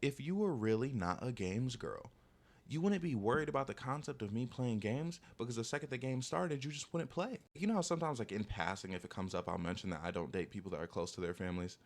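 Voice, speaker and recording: In an expressive, mid-range voice, a young man riffs quickly on dating advice, filling his casual monologue with "like" and "okay?" and putting on mocking voices to quote other people.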